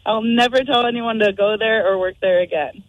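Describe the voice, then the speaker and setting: A woman calling in to a radio show who talks in a giggly, excited way. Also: fairly high pitch, a little fast, a little hiss or hum, poor audio. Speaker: caller. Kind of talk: phone-in chat.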